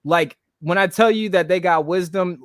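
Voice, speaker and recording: Animated high-voiced man hosting a podcast. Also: moderate pace, clean tone, dry recording, studio quality. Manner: animated, slangy, repeats "you know what I'm saying". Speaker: podcast host. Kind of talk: casual panel chat.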